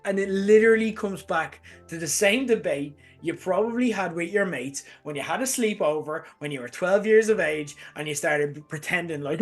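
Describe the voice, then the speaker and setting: A man's voice: high-pitched, normal speed, hardly any pauses. A male host delivering an emphatic, exasperated opinion rant, swearing for emphasis. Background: faint lo-fi background music.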